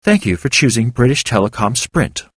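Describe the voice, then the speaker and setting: A man's voice: mid-range voice, big pitch swings, normal speed, breathy edge, no room sound, studio quality, voice pushed up. A man voicing a chipper automated phone switchboard with cheerful, scripted politeness in a fiction reading. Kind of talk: audiobook character voice.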